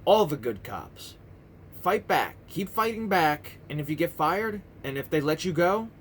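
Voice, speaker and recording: 30s guy ranting at his camera, swears a lot, rambly, voice kinda high and jumping all over. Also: sing-song, unhurried, fairly bright tone, slight background noise. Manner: profane, rambling, heated, restarts often. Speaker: vlogger. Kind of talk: ranting political monologue to camera. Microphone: camera mic.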